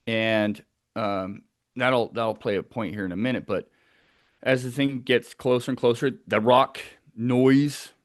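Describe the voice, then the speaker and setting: A man's voice: mid-range voice, steady tone, unhurried, dry recording, studio quality. A man telling a tense first-person story of a wilderness encounter, acting out the sounds as he goes.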